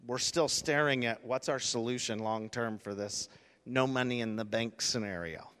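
A man preaches from the pulpit in a voice of middling pitch, telling a heartfelt story that builds to emphatic peaks. The sound carries a long reverb from a large church hall. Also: normal speed, fairly bright tone, clean tone. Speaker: pastor. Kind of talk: sermon.

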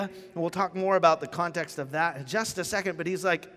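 A man preaching a casual, joking sermon as pastor, telling the story with lively asides. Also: on the high side, fast talker, hardly any pauses. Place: church sanctuary. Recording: church hall with long reverb.

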